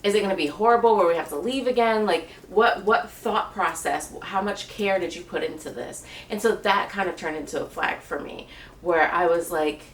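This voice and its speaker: A woman in her late twenties telling a travel story in a relaxed, chatty way, with frequent laughs and fillers. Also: lowish voice, normal speed, a little hiss or hum. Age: late 20s. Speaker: vlogger. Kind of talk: casual storytelling. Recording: echoey room, voice a bit far from mic.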